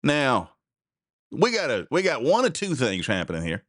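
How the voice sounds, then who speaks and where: A man's voice: medium pitch, huge pitch swings, moderate pace, a bit bright, dry recording, clean studio sound. A man hosting a talk show, giving casual, sarcastic political commentary and laughing often.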